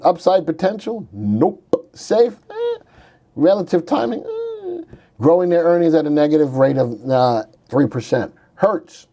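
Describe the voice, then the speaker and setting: A man with a warm, somewhat high voice hosts a stock market show, chatting casually about charts and joking with his co-host. He's a wisecracker who slips into silly put-on voices.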